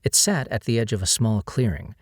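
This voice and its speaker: A male audiobook narrator with a low voice reads a novel in a steady storytelling manner. The recording is dry and close, with no room sound around him. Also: fairly quick, no echo. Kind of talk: scripted narration.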